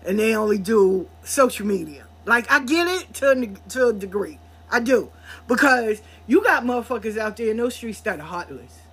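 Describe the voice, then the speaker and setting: A woman hosting a podcast, telling a story in a blunt, profane, animated way. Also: on the high side, moderate pace, breathy edge. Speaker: podcast host. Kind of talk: casual storytelling monologue.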